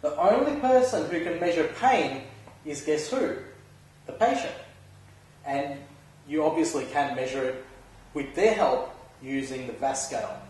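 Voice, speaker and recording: Guy lecturing, slightly high voice, tons of room echo, mic kinda far off. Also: lively intonation, measured pace, long pauses, darkish tone. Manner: conversational, asks the audience rhetorical questions. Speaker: sports physiotherapy lecturer. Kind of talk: recorded university lecture. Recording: echoey lecture hall, mic at a distance.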